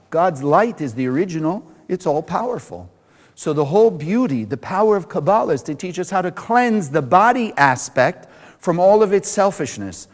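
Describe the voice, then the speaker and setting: High-voiced man teaching in a hall. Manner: animated, asks questions and answers them himself. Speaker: Kabbalah teacher. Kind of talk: spiritual lesson to a live class.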